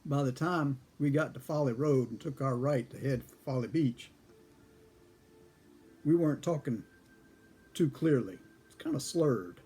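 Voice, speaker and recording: Husky older man telling a chuckling yarn. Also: mid-range voice, unhurried, pauses often, mellow. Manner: chuckles often between lines; rambling, corrects himself mid-story. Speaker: storyteller. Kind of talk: casual personal anecdote.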